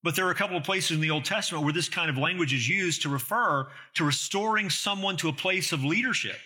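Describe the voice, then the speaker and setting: A man's voice: on the high side, fast talker, bright, forceful tone. A man preaching an expository sermon, earnest and emphatic, with rhetorical questions to the listeners.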